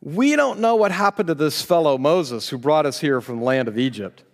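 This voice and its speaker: A man's voice: fairly high pitch, lively intonation, moderate pace, big-room sound. A man preaching a sermon, reading scripture aloud with dramatic voices and chuckling as he comments. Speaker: pastor.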